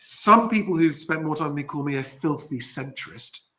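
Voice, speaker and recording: A man's voice: on the high side, expressive, moderate pace, noisy background. A man hosting a casual chat, reading out viewer comments and laughing often. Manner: chatty, laughs often, reads comments aloud. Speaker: host.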